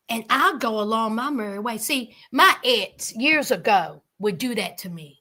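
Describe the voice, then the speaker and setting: A sassy woman talks straight to her viewers, calling them honey as she reacts to a reality show. Her voice sits high and bright, swinging up and down with lively energy. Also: slow pace. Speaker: reality TV commentator. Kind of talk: reaction commentary.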